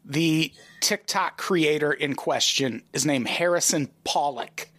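A man's voice: on the high side, slow pace, a bit bright. A man co-hosting a comedy podcast, reading out a news story in a wry, casual way. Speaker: podcast co-host.

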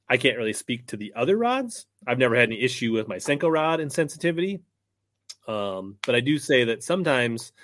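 Casting: male podcast host, relaxed and hedging, dry close sound. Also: medium pitch, dry recording. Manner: relaxed, hedging, many fillers. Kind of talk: casual podcast chat.

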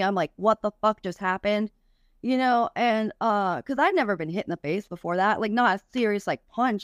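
A woman's voice: mid-range voice, smooth, no room sound, studio quality. A young woman, a podcast guest, tells a personal story candidly, with frequent swearing and many "like" fillers.

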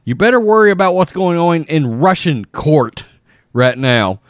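A man's voice: on the high side, very animated, measured pace, dry recording, studio quality. A middle-aged man hosting his own sports show, ranting bluntly and with irritation in an opinionated monologue. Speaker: sports commentary host.

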